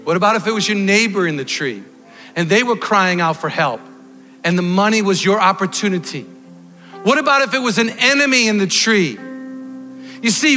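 Animated preacher in an echoing hall. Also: male voice, extremely high pitch. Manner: animated, shouting at peaks. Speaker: pastor. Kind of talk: sermon. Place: church hall. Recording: long hall reverb, faint music.

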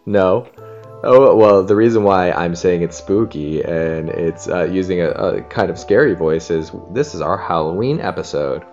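A woman's voice: very deep voice, animated, normal speed, darkish tone, highs cut off, soft background music. A woman hosting a children's story show, reading a picture book aloud in a playful, coaxing way. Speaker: host and story reader.

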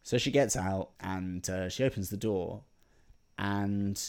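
A man's voice: fairly low pitch, slow, gravelly, darkish tone, clear, resonant tone. A man co-hosting a comedy podcast, narrating an improvised story and laughing often.

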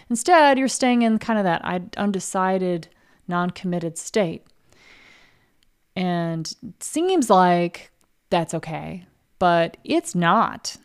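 Her mid-range voice is darkish, clear and resonant. As a podcast host and coach for artists, she gives a casual, frank motivational talk laced with swearing, acting out the doubts in her listeners' heads.

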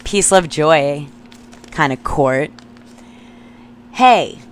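A woman's voice: sits low, animated, very slow. A woman in her thirties from Long Island, a podcast host reading old notes aloud and adding profane, giggly asides. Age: 30s.

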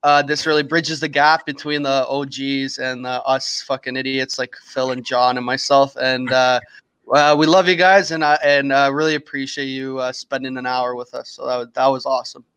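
A man's voice: medium pitch, little pitch movement, normal speed, fairly bright tone, clean tone, no echo, rough recording. A man on a casual podcast, effusive and enthusiastic in his thanks. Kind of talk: casual chat.

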